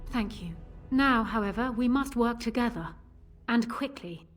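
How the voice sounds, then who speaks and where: An actress voicing a grave, earnest young noblewoman in a game, with formal, measured speech. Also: fairly high pitch, close to an everyday voice. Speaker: game character. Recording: game audio with music behind.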